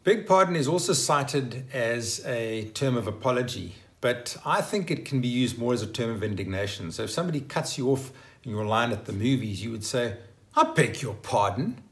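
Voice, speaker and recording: Upbeat male English teacher, gravelly. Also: medium pitch, animated, brisk. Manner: upbeat and emphatic, acts out example phrases. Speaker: English teacher, channel host. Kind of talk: scripted vocabulary lesson.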